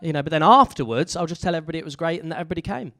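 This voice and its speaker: An English man performing stand-up comedy, his voice sitting a little high for a man. He rambles and stumbles through restarts and fillers, poking fun at himself as he goes. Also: expressive, racing, bright, forceful tone. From England. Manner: rambling, self-deprecating, hesitant with fillers and restarts. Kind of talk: live stand-up comedy set.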